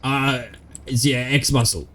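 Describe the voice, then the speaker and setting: A man's voice: mid-range voice, level tone, a little slow, fairly bright tone, slight background noise. An Australian man chatting casually during a roleplay stream, laid-back and swearing freely, calling everyone mate. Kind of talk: casual in-character roleplay chat.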